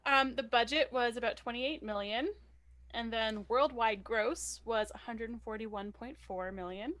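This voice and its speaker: A woman's voice: fairly high pitch, a little slow, fairly bright tone. A young woman co-hosting a film podcast, making wry remarks and reading out trivia with plenty of ums. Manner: wry, reads trivia aloud with fillers. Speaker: podcast co-host.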